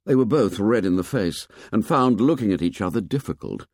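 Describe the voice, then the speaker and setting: A man reading a novel aloud as narrator, measured and expressive. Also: on the low side, dry recording, clean studio sound. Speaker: audiobook narrator. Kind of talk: scripted narration.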